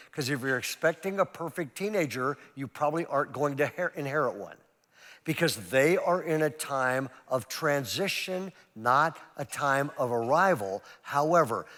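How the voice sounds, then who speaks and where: A middle-aged pastor preaching to a seminar audience, telling stories with lively jokey asides. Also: male voice, a little high. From California. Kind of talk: sermon at a parenting seminar. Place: large church auditorium. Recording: long reverb of a large church hall.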